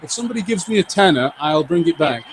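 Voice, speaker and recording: A man's voice: a little high, animated, quick pace, slight background noise, low-quality recording. A man hosting a live game stream, joking and reading out viewer comments as he plays. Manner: chatty, jokey, reads out viewer comments.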